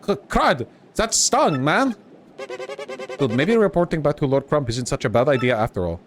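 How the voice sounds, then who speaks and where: A man's voice: moderate pace, a crowd in the background. A man voicing dopey young male enemy foot soldiers who talk in surfer-dude slang while he reads game dialogue aloud. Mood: whiny. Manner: squeaky, excitable, bickering.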